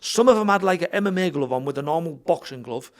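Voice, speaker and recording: A man's voice: on the high side, lively intonation, fast. A middle-aged man, a fighter and gym owner telling a story as a podcast guest, swearing freely and acting out what people said. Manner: swears freely, tells the story with quoted dialogue. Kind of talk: casual storytelling in a podcast interview.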